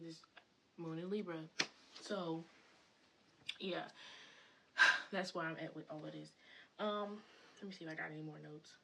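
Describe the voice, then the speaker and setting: Woman vlogger, rambling casual monologue, lots of fillers, lowish voice, faint noise behind. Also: gravelly, a bit bright, rough recording. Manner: rambling, filler-heavy, enthusiastic. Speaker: spiritual content creator.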